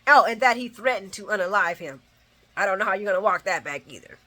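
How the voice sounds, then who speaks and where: A woman recaps a soap opera casually, talking animatedly, laughing, and acting out characters' lines with slang and swearing. Her medium-pitched voice is fast, pushed, and bright.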